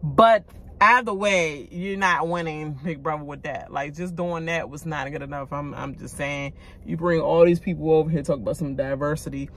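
A woman's voice: deep voice, moderate pace. A woman giving a blunt, casual rant about a reality show, talking straight to her viewers and swearing freely. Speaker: reality TV commentator.

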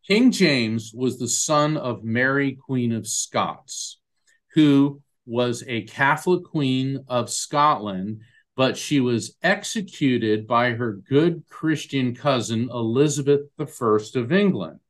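A man's voice: medium pitch, slow. A man, a guest on a podcast interview, telling stories animatedly and acting out the voices of people he quotes. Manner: animated storyteller who acts out quoted voices. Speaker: guest, medium and lawyer.

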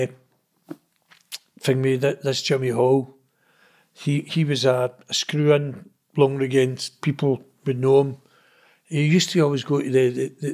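A middle-aged man with a strong Glaswegian accent tells stories in a casual, rambling way. His voice is gravelly and sits a little high for a man. He swears freely and keeps checking in with "know what I mean". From Scotland. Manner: blunt, sweary, rambling with frequent 'know what I mean'. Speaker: interview guest. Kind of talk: casual storytelling.

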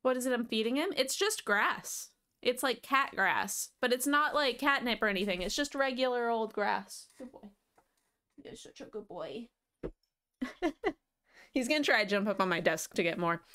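A woman's voice: fairly high pitch, animated, normal speed, sharp tone. A young adult woman streamer chatting casually and affectionately on a live stream, swearing now and then.

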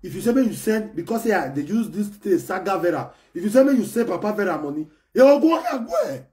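A man ranting to his fans in an excitable, scolding way, repeating himself and bursting into shouts. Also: high-pitched, fast. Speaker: online personality ranting to fans. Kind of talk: animated pidgin rant.

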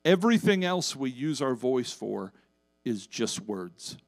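A man pastor preaching a sermon from a church stage, with wide swings in pitch and loudness, drawn-out emphasis on key words and casual asides to the congregation. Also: sing-song, creaky. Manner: acts out quoted voices in Bible stories, casual asides to congregation.

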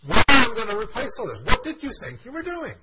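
A man lecturing voices a furious male government minister who berates a colleague with indignant rapid questions, over loud background noise. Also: medium pitch, lightly acted.

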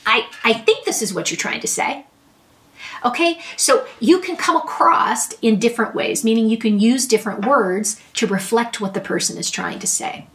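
A woman's voice: medium pitch, a bit bright, recorded from a distance. A middle-aged woman therapist explaining a listening skill in a friendly, conversational way, with examples. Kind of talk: talking-head advice lesson.

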